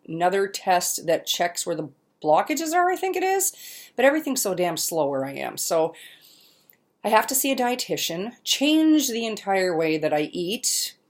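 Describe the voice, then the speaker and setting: Middle-aged woman vlogging from her mom's place, kinda low voice, chatty, laughs a lot, stops mid-sentence hunting for words. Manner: chatty, laughs often, self-deprecating. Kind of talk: casual personal vlog. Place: at her mother's home.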